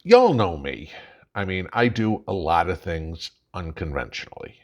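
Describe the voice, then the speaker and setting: A man's voice: deep voice, sing-song, a little slow, a little mellow. An older man from Chicago with a Chicago accent, hosting a prepping channel in a folksy, chatty monologue that keeps checking in with the viewer. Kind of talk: casual talking-head monologue.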